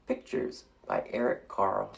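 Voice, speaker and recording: A man's voice: lowish voice, steady tone, measured pace, vocal fry, a little hiss or hum. A man reading a picture book aloud to children, playfully inviting them to make animal sounds along with him. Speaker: storytime reader.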